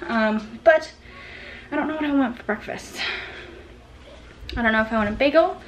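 Woman vlogger, fairly high voice, chatty and laughing, a bit out of breath, faint hiss in the room. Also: moderate pace, poor audio. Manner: chatty, laughs often, baby talk with her son. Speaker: vlogger and homeschool mom. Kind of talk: casual vlog chat. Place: home kitchen, indoors.

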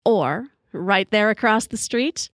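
A woman's voice: mid-range voice, animated, takes it slowly, no echo, clean studio sound. A woman hosting a podcast, telling wry, profane stories in a conversational monologue while sipping whiskey. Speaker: podcast host.

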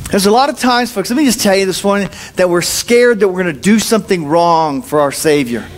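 A man's voice: high-pitched, expressive, a little fast, a little hiss or hum. A man preaching a sermon at a church service in a humorous, conversational way, telling stories and acting out the dialogue in changing voices. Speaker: pastor.

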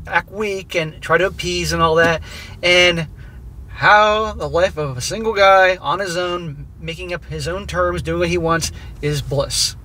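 Man, blunt and profane, casual commentary, slightly high voice, bright and forceful tone. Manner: blunt, profane, preachy advice to viewers. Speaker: host reading and reacting to a viewer's email.

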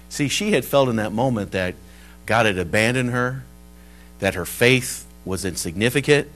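A male pastor preaching a sermon at a church service, telling a story and moving between hushed and emphatic delivery. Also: mid-range voice, normal speed, slight background noise, poor audio.

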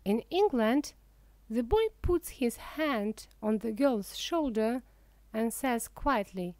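A woman reading a humorous book aloud in slow, clear scripted narration for language learners. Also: fairly high pitch, animated, a little mellow, no echo. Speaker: reader.

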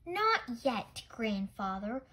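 A lively little girl, played by a woman reading a storybook begs to stay up with earnest urgency. The voice lifts noticeably higher and fuller than the narration. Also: takes it slowly, exaggerated voice. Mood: pleading. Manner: eager, pleading. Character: busy, stubborn little girl.

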